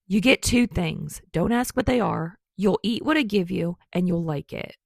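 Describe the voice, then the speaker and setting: A woman voicing a gruff, short-tempered young male baker who snaps curt, swearing lines in a storybook reading. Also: on the low side, lively intonation, unhurried, a little mellow, no echo, studio quality, full character voice. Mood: snapping.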